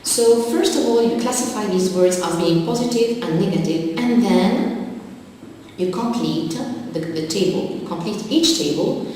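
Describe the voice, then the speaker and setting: A woman teaching an English vocabulary lesson on television, spelling out words and their forms in a slow, deliberate way. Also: mid-range voice, slight background noise. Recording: loud reverberant hall, distant mic.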